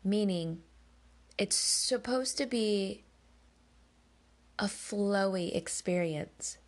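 A woman hosting a podcast, telling a personal story in an emphatic, candid way, swearing when heated. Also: medium pitch. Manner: slow and deliberate. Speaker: podcast host.

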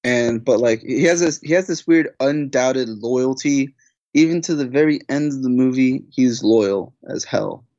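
A man co-hosting a casual film discussion podcast, speaking in a measured, thoughtful way. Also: mid-range voice, mellow, dry recording. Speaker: podcast co-host. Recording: dry, slightly dull audio.

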